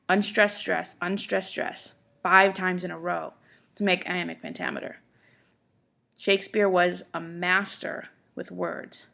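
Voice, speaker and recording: A woman's voice, lowish, creaky and a bit bright, carries a classroom lecture about poetry. She breaks her explanations into steps, makes sure her listeners are following, and reads poems aloud with pronounced stresses.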